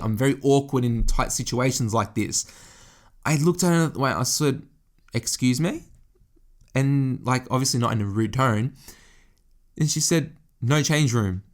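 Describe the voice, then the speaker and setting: A young man hosting a podcast, telling a story in a casual, profane, animated way, his pitch jumping up when he gets exasperated. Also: normal speed. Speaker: podcast host.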